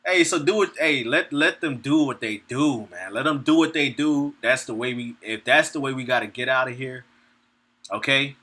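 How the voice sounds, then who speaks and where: A man's voice: mid-range voice, moderate pace, sharp tone. A man giving an informal sermon, reading scripture aloud and commenting bluntly and profanely, laughing between points and checking in with his listeners. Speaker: preacher.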